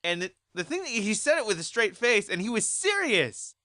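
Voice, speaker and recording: Animated, exasperated storytelling vlogger. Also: mid-range voice, moderate pace, no echo, studio quality. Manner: exasperated, repeats points for emphasis, bursts into loud outbursts. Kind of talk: storytelling rant.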